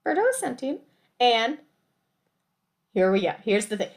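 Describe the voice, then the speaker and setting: A woman's voice: fairly high pitch, big pitch swings, measured pace. Chatty woman podcast co-host. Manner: explains game trivia in a chatty, matter-of-fact way. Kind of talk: casual chat.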